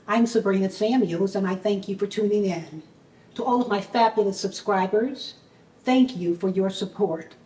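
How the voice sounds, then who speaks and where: A woman's voice: mid-range voice, moderate pace, warm tone. A woman hosting her own talk show, upbeat and thankful, with a touch of preacherly fervor. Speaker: host. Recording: echoey room, distant mic.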